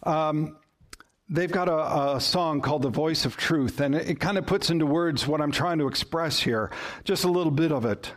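Unhurried pastor with a fairly high voice. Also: male voice. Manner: deliberate, dropping low and soft on key words. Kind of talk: sermon.

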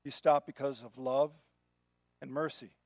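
A man preaching a sermon in an earnest way, often dropping to a soft, quiet voice. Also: mid-range voice, steady tone, measured pace, dry recording, studio quality. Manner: earnest, drops to soft quiet tones when moved. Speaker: pastor.

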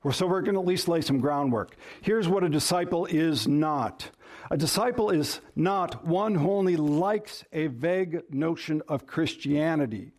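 A male pastor delivers a sermon with a somewhat high voice. He preaches emphatically, slowing down and stressing single words to drive each point home. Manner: emphatic, varies stress and pace for effect.

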